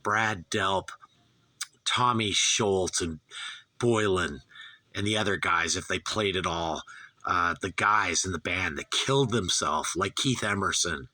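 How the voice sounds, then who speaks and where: A man's voice: low voice, slow, bright, forceful tone, no room sound. A man in his fifties from Southern California, hosting a rambling, profane, gushing album review. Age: 50s. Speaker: host.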